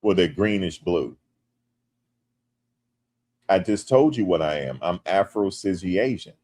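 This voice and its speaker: A man from the United States hosting a casual livestream. He reads viewer comments aloud and jokes back, turning loud and animated when teased. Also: low voice, a little slow. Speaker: livestream host.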